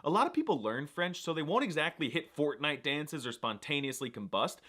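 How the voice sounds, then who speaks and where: Man, scripted comedic narration, sarcastic asides, expressive intonation. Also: fairly high pitch, a little fast. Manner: dry jokey delivery with sarcastic asides. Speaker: language review narrator.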